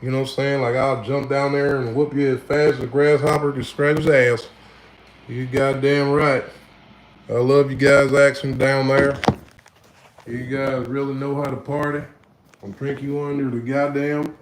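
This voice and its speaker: A man's voice: medium pitch, little pitch movement, normal speed, echoey room, a little hiss or hum, close to an everyday voice, poor audio. A man voicing a rowdy, boastful Texan cowboy with a thick Southern twang, brash and drawling. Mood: boisterous. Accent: Texas Southern twang. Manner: brash, drawling, threatening in jest.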